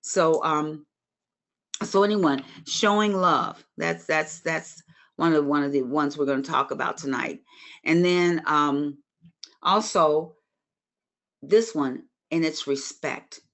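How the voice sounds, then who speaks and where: A woman in her sixties leads a Bible study in a somewhat low voice. She talks in an earnest, motherly way, as if chatting with the group. She addresses her listeners directly. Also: slow pace, fairly bright tone. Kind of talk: conversational Bible study teaching.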